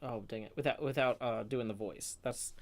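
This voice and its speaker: A man's voice: normal speed, no echo. A man with a Southern American twang, chatting casually on a stream, rambling and often restarting his sentences. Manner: rambling, restarts often, voice drops low while thinking.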